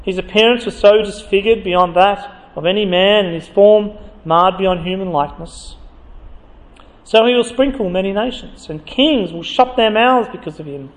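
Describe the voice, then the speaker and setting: High-voiced preacher, man, in a reverberant hall. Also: normal speed. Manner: emphatic, rising to forceful accusation when reading scripture. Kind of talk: sermon.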